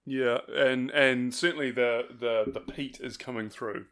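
A man's voice: medium pitch, steady tone, measured pace, a bit bright. Podcast guy chatting about whisky, easygoing, stumbles and restarts, teases his mate. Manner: easygoing, ribbing, hesitant restarts. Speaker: podcast co-host. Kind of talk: casual chat.

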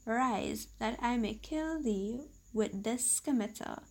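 A woman voicing a furious monstrous male genie who speaks loud, stern threats in old-fashioned speech, read aloud as a story. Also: fairly high pitch, slow, creaky, heavily acted. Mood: menacing.

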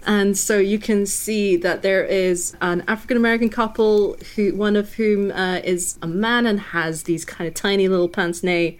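A woman's voice: mid-range voice, steady tone, moderate pace, hardly any pauses. A woman narrating as game master of a tabletop game, chatty and laughing as she describes scenes.

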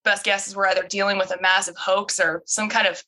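Sarcastic male detective, woman reading, needling, wry, bright voice. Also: mid-range voice, little pitch movement, fairly quick, rough recording. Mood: sardonic. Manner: sardonic, needling.

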